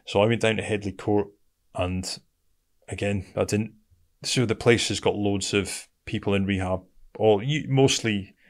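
A middle-aged man with a British accent speaks in a low, gravelly voice. He tells his story bluntly and casually, like a chat with a friend, and keeps calling the listener "mate". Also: fairly even intonation, unhurried. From Britain. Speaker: guest, military veteran.

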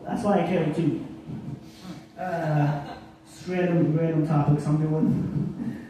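Young guy doing open mic standup, lots of ums, kinda high voice, far off mic, faint hum behind. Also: flat delivery, warm tone. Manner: halting, full of ums, self-deprecating. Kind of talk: stand-up comedy. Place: bar stage at open mic night. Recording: echoey room, far from mic, faint noise.

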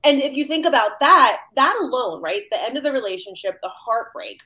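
A woman joins a casual panel discussion and talks in an animated rush. She piles up quick asides and fillers as her thoughts run on. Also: sits high. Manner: animated, rapid asides with many "like"s. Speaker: counselor panelist.

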